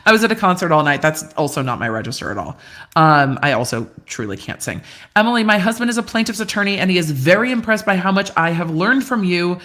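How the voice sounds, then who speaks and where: A middle-aged woman lawyer hosting a casual live Q&A, reading viewer comments aloud in a chatty way with quick asides and easy laughs, speaking from a rented room. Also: on the low side, big pitch swings, a bit bright. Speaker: lawyer and livestream host. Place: rented room indoors, glass cabinets behind her.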